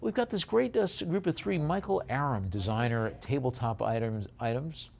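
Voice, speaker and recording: A man working as an auctioneer, calling bids briskly and adding chatty asides about each lot. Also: mid-range voice, expressive, vocal fry, darkish tone. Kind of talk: live auction bid calling.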